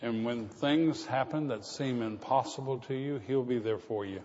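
A male pastor preaches a sermon in a church sanctuary, telling stories and rising to emphatic, repeated lines. His mid-range voice has a dark tone and normal speed, heard through a muffled recording with long reverb.

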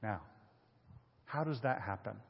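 A male pastor delivers a sermon to his congregation, pressing them with rhetorical questions and dropping from loud emphasis to a hush. His voice is husky, and the recording is dull, with a long reverb trailing through the sanctuary. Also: on the low side, expressive, a little slow.

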